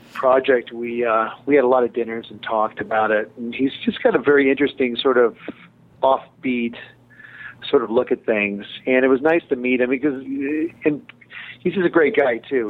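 A middle-aged man, a television director, giving chatty, digressive interview answers with a joking streak. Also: medium pitch. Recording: tinny phone-line audio.

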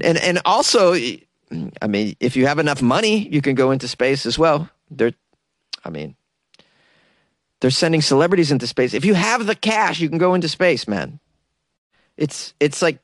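Man, comedy news host; lively, sarcastic riffing, dry close sound. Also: on the high side, normal speed, no echo. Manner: sarcastic, riffing, laughs at own jokes.

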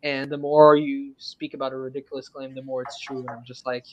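A man's voice: mid-range voice, flat delivery, fairly quick, muffled recording, background noise. An eighteen-year-old man from Quebec whose first language is French. He is chatting casually as a stream guest, rambling with plenty of fillers and restarts. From Quebec, Canada. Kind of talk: casual chat.

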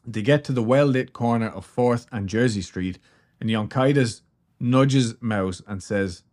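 A man's voice: mid-range voice, unhurried, darkish tone. A man hosting a podcast, telling a strange story in a rambling, jokey way and swearing casually. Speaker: podcast host.

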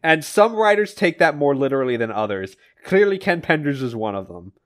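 A man's voice: a little high, very animated, a little fast. A man hosting a podcast, recapping comic issues in a casual, rambling way with lots of fillers. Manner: rambling storyteller, frequent fillers and restarts. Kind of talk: casual chat.

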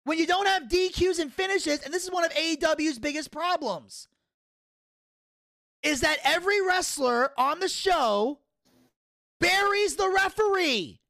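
A man's voice: very high-pitched, a little slow, sharp tone. A man co-hosting a casual podcast, ranting heatedly and profanely and arguing through rhetorical questions. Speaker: podcast co-host.

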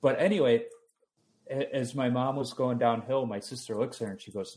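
Man telling a lively personal story. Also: mid-range voice, fairly quick. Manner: animated anecdotal storyteller. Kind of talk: casual storytelling in conversation.

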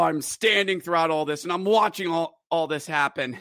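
A man hosting a hockey fan podcast, calling plays with shouts and groans, then grumbling bitterly about the loss. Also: on the high side, moderate pace, hardly any pauses, no room sound, clean studio sound. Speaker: podcast host recapping hockey games. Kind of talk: fan podcast recap with play-by-play.

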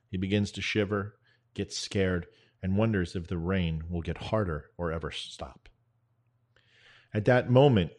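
Low voiced guy hosting his show, telling a story slow and earnest with long pauses. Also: a little mellow. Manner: earnest, measured, dramatic pauses; veteran advocate. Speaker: show host. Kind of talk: spoken parable, storytelling monologue.

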